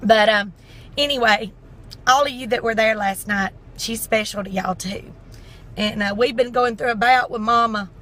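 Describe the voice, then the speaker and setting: A woman's voice: a little high, normal speed, fairly bright tone, slight background noise, low-quality recording. Folksy woman in a car. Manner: folksy and heartfelt, tearful at times. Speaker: vlogger. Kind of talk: casual chat.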